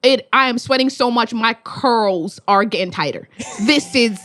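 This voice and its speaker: A young woman from Australia, a spoken word poet, telling stories in a casual conversation, animated and swearing freely. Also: a little high, normal speed, no room sound. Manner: animated, swears freely, acts out voices in anecdotes.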